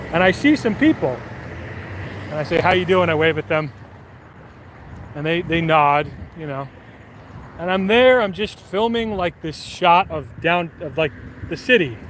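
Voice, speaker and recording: Guy on his phone outside telling a long story, loose and sweary, kinda high voice, faint traffic behind. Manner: loose, rambling and profane, with animated quoted voices. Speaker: streamer. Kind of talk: casual storytelling while out walking.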